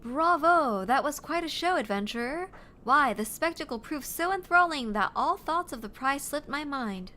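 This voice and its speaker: A woman reading a formal young noble companion's dialogue from a fantasy game aloud, with courtly, measured phrasing. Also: high-pitched, lively intonation, bright, forceful tone, a little hiss or hum, voice pushed up. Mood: gracious. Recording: game music behind the voice.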